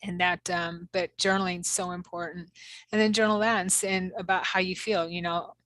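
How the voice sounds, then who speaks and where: A woman's voice: on the low side, level tone, normal speed, fairly bright tone, no room sound. A woman co-hosting as a psychic medium, talking casually and rambling with many fillers and restarts. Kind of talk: casual spiritual chat.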